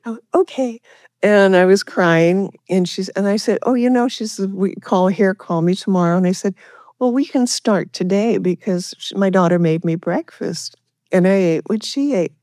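A woman's voice: medium pitch, moderate pace, darkish tone, no room sound. Woman sharing her story, close and dry. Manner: earnest, rambling storytelling with many restarts. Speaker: recovery meeting speaker. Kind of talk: personal recovery share.

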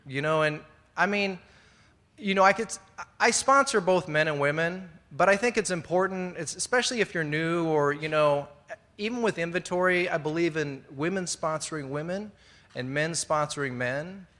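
Speaking at normal speed, a middle-aged man tells his recovery story to a live audience in an indoor meeting room. His voice is bright, ringing and pitched slightly high, and his talk wanders with fillers and false starts. Earnest throughout, he occasionally laughs at his own expense.

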